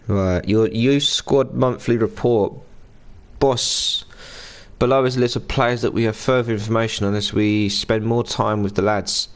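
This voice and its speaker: A man's voice: lowish voice, steady tone, unhurried. A man, chatting casually on a live stream as he plays a football management game, greeting viewers by name and reading game text aloud. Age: 30s. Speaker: gaming livestreamer.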